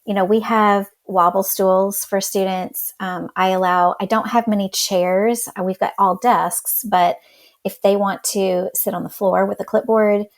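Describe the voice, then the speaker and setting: A woman teacher talks in a casual interview, her voice gravelly with fry at mid pitch. She speaks with animation and slips into quoted classroom lines as she tells her story. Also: steady tone, measured pace.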